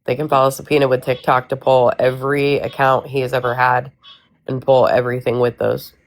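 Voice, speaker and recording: A man in a casual group discussion who speaks in a measured way and restates points. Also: medium pitch, little pitch movement.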